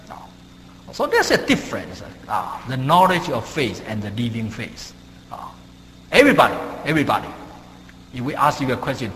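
A man preaching a sermon, halting with many fillers and non-native grammar, leaping up in pitch and volume for emphasis. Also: huge pitch swings, a bit bright. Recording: long hall reverb, faint hum.

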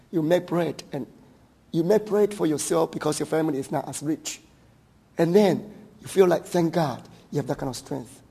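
A man's voice: a little high, creaky, a little mellow, breathy edge. A middle-aged man with a Taiwanese accent, a pastor preaching a sermon, telling stories and building to emphatic rhetorical questions. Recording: long hall reverb.

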